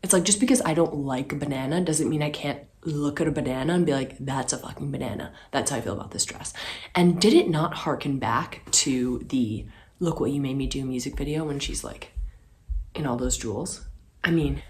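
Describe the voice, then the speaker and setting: A young woman with a notably low voice rates outfits in a sassy, casual vlog chat. She is expressive and swears for emphasis. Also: a little fast. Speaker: fashion vlogger. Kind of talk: casual chatty commentary.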